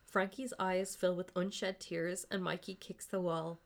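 A woman's voice: lowish voice, flat delivery, measured pace, creaky, few pauses. A woman podcast host giving a comic reading of fan fiction, narrating the scenes between bursts of laughter. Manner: reads narration, breaks into laughter.

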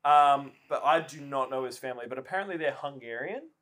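A young man co-hosting a podcast, telling a story in a lively, foul-mouthed way and acting out the people in it. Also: medium pitch, brisk. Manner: animated, heavy swearing, acts out quotes. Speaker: podcast co-host. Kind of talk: casual storytelling chat.

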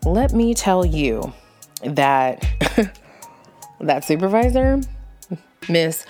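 A woman's voice: lowish voice, big pitch swings, drawn-out words, long pauses, mellow, soft background music. A woman telling a workplace story as a casual rant, blunt and full of swearing. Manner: blunt, profane, fired-up storytelling. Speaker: vlogger venting about work.

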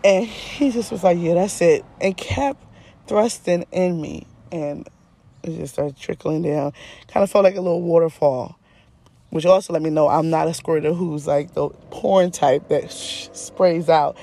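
A woman's voice: low-pitched, a little slow, gravelly, dark tone, a little hiss or hum. A woman hosting a podcast, telling a personal story in a frank, casual way, often laughing and swearing. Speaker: podcast host.

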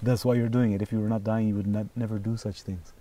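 A man speaking as an interview guest, telling stories in an animated, emphatic way and swearing freely. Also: lowish voice, quick pace, recorded from a distance. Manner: animated, profane, emphatic storyteller. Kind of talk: casual conversation.

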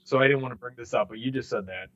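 A man, co-hosting a sports podcast in casual chat, animated and mimicking people in quick bursts. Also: mid-range voice. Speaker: podcast co-host. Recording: slightly dull lo-fi sound.

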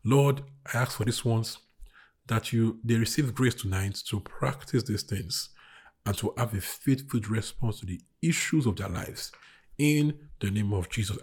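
A man preaching a sermon, repeating bold declarations and then praying more softly. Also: lowish voice, husky. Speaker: pastor. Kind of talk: sermon and prayer.

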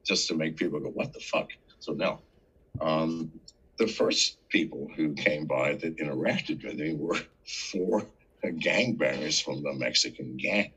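A man tells stories in a casual interview with a deep, gravelly, raspy voice. His delivery swoops up and down with lively energy and a bright, forceful edge. He swears freely as he talks. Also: a little slow, low-quality recording. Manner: profane, animated storyteller. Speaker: interview guest. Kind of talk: casual storytelling.

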